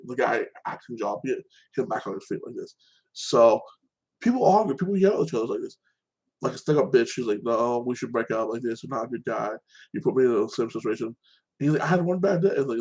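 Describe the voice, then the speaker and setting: A man's voice: medium pitch, rough recording. A man hosting a casual solo chat, rambling through TV episode recaps and filling his talk with "like that" and "you know". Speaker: show host.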